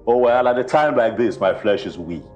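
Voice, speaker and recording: Nigerian-accented actor as a young office playboy, lively high-pitched delivery, roomy film-set sound. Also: male voice, normal speed, far from the mic, dull audio, faint music behind, natural voice. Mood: dismissive. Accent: Nigerian English. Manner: pleading with boss, scolding girlfriend. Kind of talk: Nollywood film acting.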